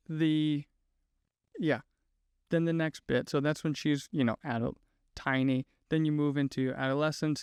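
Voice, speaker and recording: A man's voice: mid-range voice, vocal fry, smooth, no room sound, clean studio sound. A man hosting a podcast, telling a story in a casual, chatty way, full of fillers and asides. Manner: chatty, lots of "like" fillers, laughs at own asides. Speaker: podcast host.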